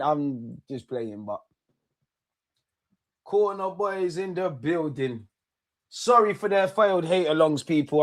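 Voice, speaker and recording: Excitable man reacting to a match live. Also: on the high side. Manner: excitable, shouts at players and referee, banters with chat. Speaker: football watchalong streamer.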